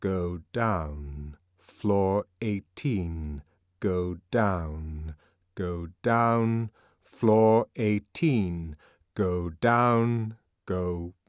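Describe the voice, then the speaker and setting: Guy doing a soft bossy lift loudspeaker, low slow drone, dry audiobook read. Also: no room sound. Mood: commanding. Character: imperious ceiling loudspeaker, mechanical and commanding.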